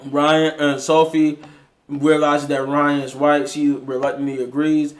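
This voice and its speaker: A man's voice: fairly high pitch, little pitch movement, a little slow. A man casually recapping a TV episode in a rambling way, with frequent restarts and fillers. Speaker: TV episode reviewer.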